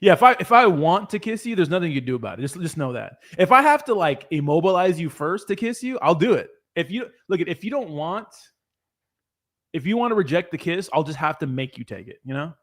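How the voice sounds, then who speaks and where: A man's voice: fairly high pitch, sing-song, brisk, fairly bright tone. A young man hosting a casual livestream, reading viewer comments and joking around with laughter and lots of swearing. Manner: joking, laughing, profane and loose. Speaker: crypto livestreamer.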